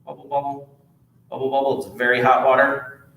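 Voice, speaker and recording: A man telling a folk tale at a library storytime, animated and drawing pictures as he goes. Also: mid-range voice, normal speed. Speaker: children's storyteller. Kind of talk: storytime read-aloud. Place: library room. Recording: echoey room.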